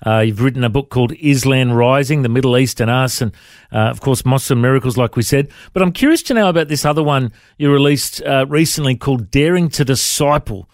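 A man's voice: medium pitch, fairly quick, dry recording, clean studio sound. A man hosting an interview, enthusiastic and stumbling over restarts. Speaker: interview host. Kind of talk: interview chat.

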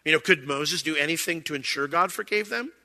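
A man's voice: on the high side, fairly quick, bright, forceful tone, big-room sound. A man preaching a sermon as a pastor, in a conversational way, acting out quoted voices.

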